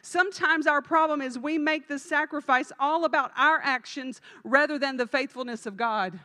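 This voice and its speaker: A woman's voice: high voice, normal speed, few pauses, pushed and bright, long reverb tail. A woman evangelist preaching a sermon in a church, speaking emphatically and directly to the congregation. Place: church sanctuary.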